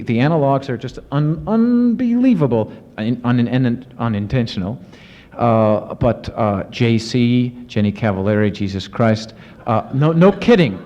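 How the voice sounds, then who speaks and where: A man, an author and professor, answering audience questions in lively storytelling with many restarts and fillers. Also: mid-range voice, long reverb tail. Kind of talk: casual spoken Q&A. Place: university lecture event. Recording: muffled 1970s archive recording.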